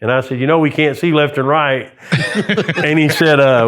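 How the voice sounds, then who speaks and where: A man's voice: on the high side, moderate pace. A middle-aged man, a former police sergeant, telling stories in a casual interview and acting out the radio calls he quotes. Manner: animated anecdotes, acts out radio calls and quotes. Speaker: retired police sergeant, guest.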